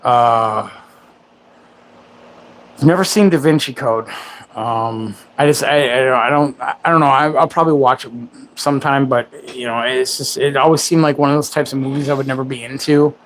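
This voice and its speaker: A man's voice: mid-range voice, moderate pace, a bit bright. A man in his forties hosting a livestream. He rambles in casual chat and makes crude, self-mocking jokes. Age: 40s. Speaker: livestream host.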